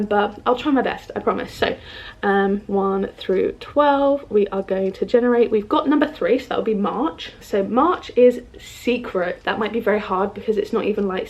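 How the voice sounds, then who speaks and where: A young British woman in her twenties, speaking at normal speed in a mid-range voice, chats casually to camera as a book vlogger. She sits by a bookshelf at home, bubbly and talkative, using lots of "like" and "um."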